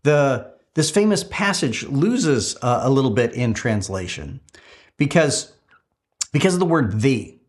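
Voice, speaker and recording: A man's voice: medium pitch, very animated, a little slow. Middle-aged male pastor preaching. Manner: storytelling, with frequent filler "uh"s and restarts. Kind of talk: sermon.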